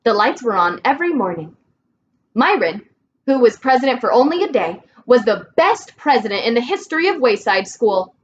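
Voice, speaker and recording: Woman reading a kids' storybook, high lively voice, slightly muffled recording. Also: normal speed, slight background noise. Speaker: reader. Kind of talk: children's storybook read-aloud.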